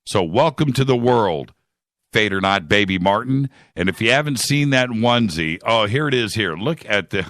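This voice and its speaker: A man hosting a radio show, speaking in a heartfelt, halting way with frequent restarts. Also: lowish voice, expressive, fairly bright tone, no room sound, clean studio sound. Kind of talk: heartfelt monologue.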